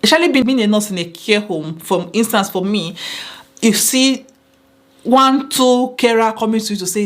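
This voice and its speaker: A woman's voice: mid-range voice, fast talker. Earnest woman vlogger. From Nigeria. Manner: earnest, repeats phrases for emphasis. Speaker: vlogger giving workplace advice. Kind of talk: casual advice talk to camera.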